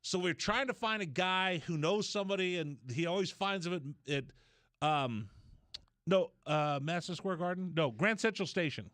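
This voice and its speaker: A man hosting a radio show, telling a rambling story in a casual, animated way. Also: high-pitched, moderate pace, no room sound. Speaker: radio host. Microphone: studio mic.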